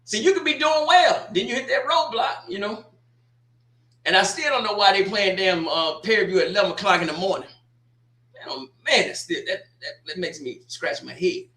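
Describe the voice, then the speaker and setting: A man's voice: high voice, moderate pace, sharp tone, roomy sound. A man hosting a sports talk show, rambling through a casual opinion monologue with folksy asides.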